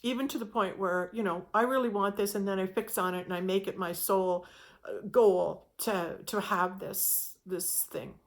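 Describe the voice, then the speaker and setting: A woman's voice: mid-range voice, fairly even intonation, normal speed. Woman giving a meandering spiritual talk. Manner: reflective, meandering, with frequent restarts. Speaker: spiritual speaker.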